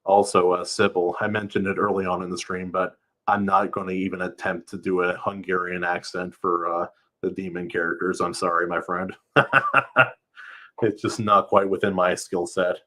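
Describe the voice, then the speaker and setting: Low-voiced man reading aloud live. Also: level tone, normal speed, fairly bright tone. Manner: casual, laughs often, chats with viewers between passages. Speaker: streamer reading a novel aloud. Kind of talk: live-streamed book reading and chat.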